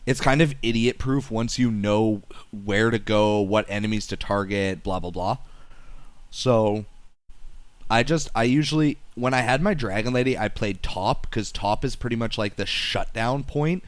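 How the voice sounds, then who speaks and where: A man co-hosts a casual gaming podcast with a fairly low voice. He rambles, restarts sentences and leans on fillers. The sound is dry and close, like a home microphone on a call. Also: measured pace, no echo. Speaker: podcast co-host. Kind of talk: casual chat.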